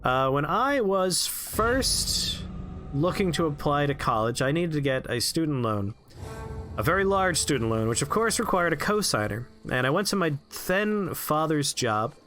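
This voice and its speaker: A man streaming a video game, telling a story in an animated, profane and chatty way. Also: fairly high pitch, a little slow, soft background music.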